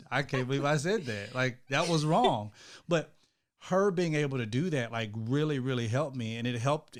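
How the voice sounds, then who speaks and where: A man in his thirties co-hosting a casual chat with his wife, animated, laughing often and acting out quotes in a raised voice, speaking. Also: mid-range voice. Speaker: co-host, husband.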